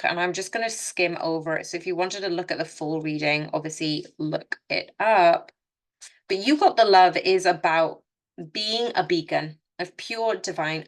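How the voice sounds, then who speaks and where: A woman giving an unscripted tarot reading, speaking earnestly and directly to her listeners, with frequent restarts and self-corrections. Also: on the low side. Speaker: tarot reader. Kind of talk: casual spoken tarot reading.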